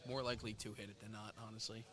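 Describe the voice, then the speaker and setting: A man giving playful color commentary and quick reactions beside a cornhole match. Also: on the low side, little pitch movement. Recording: loud crowd at a live match.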